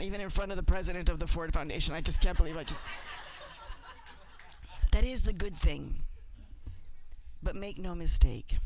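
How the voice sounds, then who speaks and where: A woman's voice: low voice, a little mellow, dry recording, low-quality recording. A middle-aged woman from Mexico, giving a passionate, emphatic speech with repeated phrases. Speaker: journalist and speaker. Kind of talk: emotional symposium speech.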